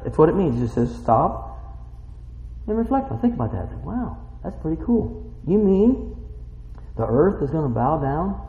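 Lively preacher man in an echoey hall. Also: on the high side. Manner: animated, swings between loud exclamations and quiet reading. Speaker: pastor. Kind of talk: sermon. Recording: echoey hall with long reverb, dull sound.

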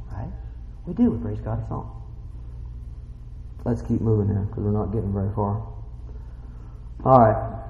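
A man preaching a sermon as a pastor, reading scripture and breaking into loud exclamations. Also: mid-range voice, a little hiss or hum. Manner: animated, swings between loud exclamations and quiet reading. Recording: echoey hall with long reverb, dull sound.

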